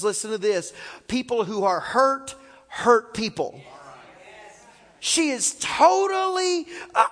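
A man's voice: very high-pitched, gravelly, a bit bright. A male pastor preaching a fervent, storytelling sermon with frequent exclamations, in a library used for church. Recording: long reverb in a library.

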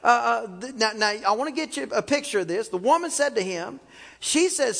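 High-voiced preacher in an echoing hall. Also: male voice, lively intonation, a little fast, creaky, a bit bright. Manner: fervent, exclaiming, storytelling preaching. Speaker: pastor. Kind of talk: sermon. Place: library used for church. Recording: long reverb in a library.

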